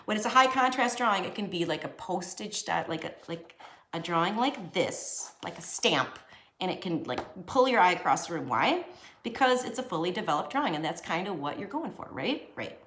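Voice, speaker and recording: This art teacher's voice sits fairly low and has a sing-song lilt, a moderate pace and a slightly bright quality. Leading a relaxed drawing lesson in an echoey room with slight background noise, the young woman talks to herself and cracks jokes while shading.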